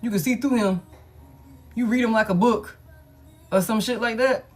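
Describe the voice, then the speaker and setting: A woman's voice: fairly high pitch, normal speed, husky, soft background music. A woman giving a casual collective tarot reading, blunt and slangy, swearing freely and hyping the listener up. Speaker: tarot reader.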